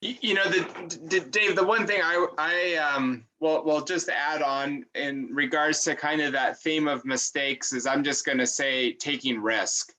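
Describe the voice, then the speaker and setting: A man hosting a referee meeting, offering earnest advice with some halting restarts. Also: a little high, steady tone, bright, forceful tone, poor audio. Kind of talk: meeting remarks.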